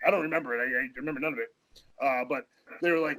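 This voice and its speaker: Guy rattling off wild stories super fast, swears a lot, laughs as he goes. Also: mid-range voice, bright, forceful tone, low-quality recording. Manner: rambling, profane, laughs mid-story. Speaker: podcast guest. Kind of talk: casual storytelling in an interview.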